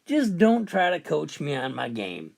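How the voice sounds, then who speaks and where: A man's voice: fairly high pitch, wildly swooping pitch, unhurried, gravelly, a little mellow, exaggerated voice. A man voicing a confident, blunt woman golfer laying down her rules.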